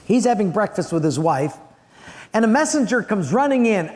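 A man's voice: sits high, sing-song, moderate pace, a little mellow. A man preaching a sermon, telling a story with animation and acting out the scenes. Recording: long hall reverb.

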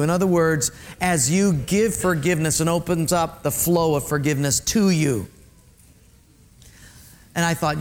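A middle-aged male pastor preaching a sermon with animated delivery, repeating key phrases for emphasis and talking directly to his congregation. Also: on the high side, normal speed.

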